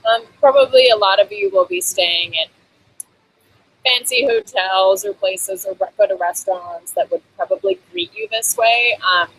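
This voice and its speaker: A woman's voice: mid-range voice, sing-song, moderate pace, fairly bright tone, slightly rough, low-quality recording. A woman hosting a casual on-camera lesson on basic phrases, chatty, with frequent ums and laughs between phrases. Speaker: host teaching basic Thai phrases. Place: Bangkok.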